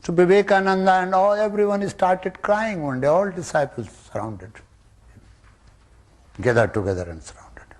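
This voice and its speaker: A man giving a spiritual discourse to students, emphatic and full of rhetorical questions, jumping from loud rises to soft drops. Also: high-pitched, moderate pace. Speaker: spiritual teacher.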